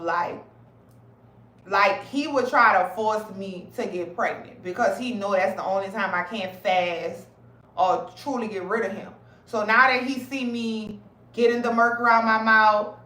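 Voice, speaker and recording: A woman's voice: mid-range voice, distant mic. Woman, casual livestream rant, blunt, profane, echoey room. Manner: profane, blunt, animated, talks fast and heated. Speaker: health advocate streamer. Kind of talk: casual live-stream rant.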